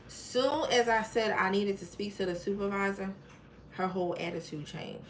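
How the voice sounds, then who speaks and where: A woman's voice: medium pitch, moderate pace, noisy background. A woman hosting a storytime livestream. She tells her story in an emphatic, frank way and talks straight to her viewers. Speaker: channel host.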